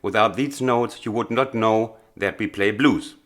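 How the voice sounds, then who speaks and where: A man teaching a blues piano lesson, explaining earnestly and with emphasis, pausing with small hesitations. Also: lowish voice, a bit bright. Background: faint piano playing.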